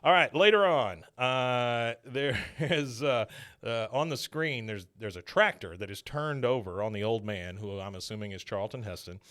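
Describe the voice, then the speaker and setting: A man's voice: medium pitch, moderate pace, fairly bright tone, no room sound, clean studio sound. A man, hosting a podcast and animatedly retelling scenes. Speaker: podcast host. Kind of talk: casual chat.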